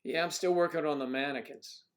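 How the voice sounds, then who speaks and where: A man's voice: a little high, brisk. Chatty joking male livestream host. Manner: joking, chatty, reads out viewer comments. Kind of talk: casual livestream chat.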